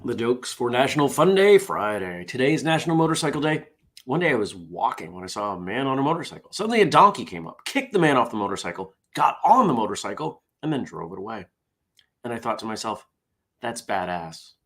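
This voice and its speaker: A man's voice: mid-range voice, big pitch swings, fast talker, fairly bright tone. A tired man hosting a casual morning show, reading jokes aloud in a wry, self-deprecating way. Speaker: host.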